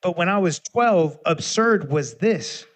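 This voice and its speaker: A man in his thirties ranting casually to viewers on a livestream, animated and profane, swinging between loud outbursts and low muttering. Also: slow pace. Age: 30s. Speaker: musician hosting a livestream.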